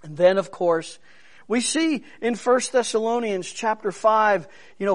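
A man with a high voice preaching a sermon. He talks conversationally, swinging from quiet, soft-spoken stretches to louder, emphatic bursts, with humorous asides along the way. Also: a little slow. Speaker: pastor.

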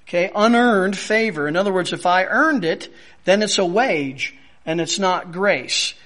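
Man, pastor, sermon, unhurried delivery, emphatic, repeats phrases for stress. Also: high-pitched, lively intonation, sharp tone.

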